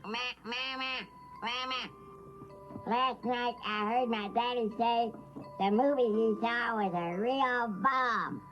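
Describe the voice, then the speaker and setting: A man's voice: very high voice, slow pace, highs cut off, soft background music. A man voicing a cheeky, wisecracking baby boy in a cartoon with a cutesy delivery.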